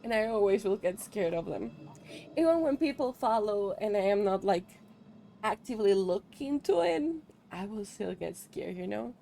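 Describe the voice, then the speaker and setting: A giggly young woman chatting casually to her viewers while she plays a video game. Her voice sits at an ordinary middle pitch. A faint hum of background noise runs under her talk. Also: lively intonation, moderate pace, vocal fry, warm tone. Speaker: streamer. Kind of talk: casual gameplay commentary.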